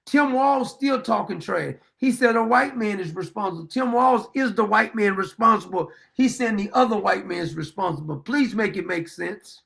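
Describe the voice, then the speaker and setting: A man's voice: high voice, lively intonation, normal speed, creaky, few pauses, fairly bright tone. A man hosting his own political commentary show, ranting bluntly and. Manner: blunt, profane, fired-up ranting.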